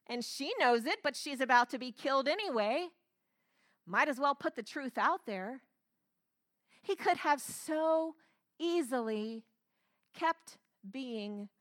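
A woman's voice: on the high side, fairly bright tone, dry recording, studio quality. A woman pastor preaching a sermon, telling the story dramatically and acting out the quotes.

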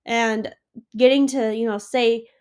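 A woman's voice: on the high side, steady tone, a little slow, darkish tone, clean tone. A sick young woman hosting her own podcast, gushing and emotional in a rambling casual chat. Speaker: podcast host.

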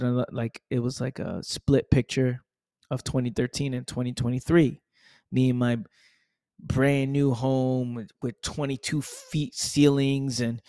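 A man's voice: medium pitch, a little mellow, no room sound, studio quality. A young man hosting a motivational podcast, talking emphatically, repeating himself and swearing freely. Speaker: podcast host.

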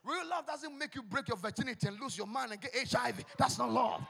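Brief: Ghanaian male pastor, very high gravelly voice, shouting sermon in a long echoing hall. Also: fast. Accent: Ghanaian English. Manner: fiery, shouting, repeats declarations. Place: church hall.

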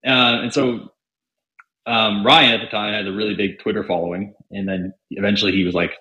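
Chatty man, bright, roomy sound. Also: fairly low pitch, steady tone, a little fast. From Canada. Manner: chatty, filler-heavy, acts out quoted dialogue. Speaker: podcast guest, salesman. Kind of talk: casual storytelling. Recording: roomy echo.

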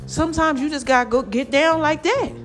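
A woman vlogger giving lively, preachy motivational talk straight to her viewers. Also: sits high, fairly quick, soft background music. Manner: lively and preachy, calls viewers "child" and "y'all".

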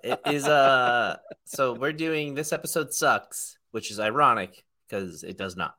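A man co-hosting a casual podcast, animated and jokey, who likes to drop into silly voices. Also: mid-range voice, measured pace. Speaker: podcast co-host.

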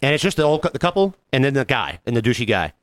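A man's voice: medium pitch, racing, dry recording. A man co-hosting a podcast, telling a work story in casual chat, acting out the other people in it and swearing freely. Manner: animated, acts out quoted voices. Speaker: podcast co-host.

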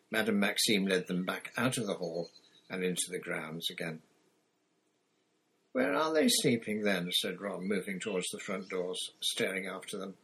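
A man reading a novel aloud in steady, measured scripted narration. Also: low voice, husky, rough recording. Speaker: audiobook reader.

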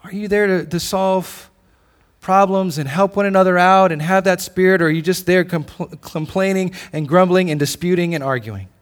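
A man's voice: high voice, normal speed. A man preaching a sermon as a pastor, casual and conversational, telling stories and acting out bits of dialogue. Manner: casual, storytelling, acts out dialogue. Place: church. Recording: reverberant hall.

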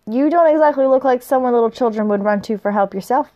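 A woman's voice: on the high side, quick pace, mellow, muffled recording, pitched above the performer's own voice, lightly acted. A woman reading an earnest young fighter. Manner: plain reading voice for the hero.

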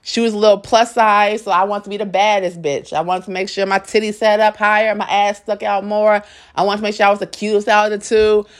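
A woman's voice: medium pitch, little pitch movement, a little fast. A young adult woman telling a personal story to her viewers in a blunt, profane, candid way, often acting out what people said. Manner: dramatic storyteller, acts out quotes. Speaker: vlogger.

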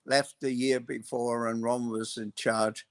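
An older man, a guest, telling long anecdotes in an unhurried, loose way, full of pauses and fillers. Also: medium pitch, flat delivery, dry recording. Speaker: guest, former racing mechanic. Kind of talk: anecdotal storytelling.

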